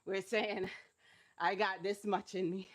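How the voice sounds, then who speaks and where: A woman's voice: mid-range voice, steady tone, slow pace. A woman leading a live-streamed workout as fitness instructor, encouraging and laughing often while she is cramping and feeling unwell.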